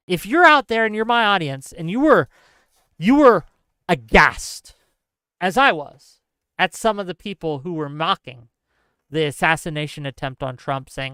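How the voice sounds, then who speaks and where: A man giving an impassioned political commentary monologue, earnest and lecturing, speaking straight to his audience in fast bursts with heavy repetition. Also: sits high, sing-song, bright, forceful tone, smooth, no echo. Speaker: political streamer.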